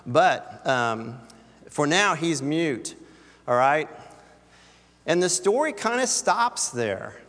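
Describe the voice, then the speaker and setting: A man's voice: a little high, sing-song, takes it slowly, pauses often, fairly bright tone, in a large hall. A man preaching a sermon as pastor, talking in a conversational way and putting scripture into everyday words.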